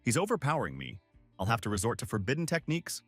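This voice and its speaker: A man's voice: mid-range voice, huge pitch swings, fast, dry recording, faint music behind. A man voicing an angry, arrogant male caster who serves the heavens, speaking in haughty challenges. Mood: strained.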